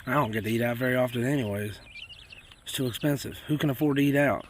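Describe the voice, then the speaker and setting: A man from South Carolina hosts a homesteading channel, chatting casually and folksily outdoors on a farm near his chickens. He rambles, says y'all a lot, and talks fast in a mid-range voice. There is a little hiss or hum in the audio.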